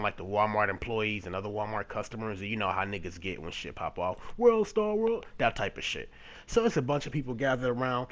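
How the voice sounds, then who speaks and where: Profane animated man from Detroit telling a story. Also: mid-range voice. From Detroit, USA. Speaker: vlogger. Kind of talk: casual storytelling to camera.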